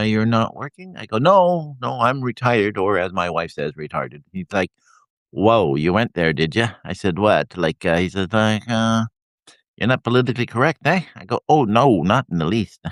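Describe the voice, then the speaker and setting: A retired older man from Canada talks in a very deep voice, rambling and self-deprecating, blunt and often laughing. The sound is dry and close, with no room around it. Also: dry recording. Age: 60s. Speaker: host of a live video stream. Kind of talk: rambling casual chat. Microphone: handheld microphone.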